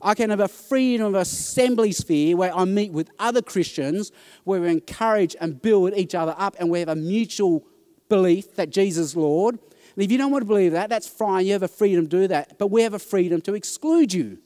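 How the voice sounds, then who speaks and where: A man giving a conference talk, telling stories with animated quoted voices. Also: high-pitched, a little fast. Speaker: conference speaker. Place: conference hall.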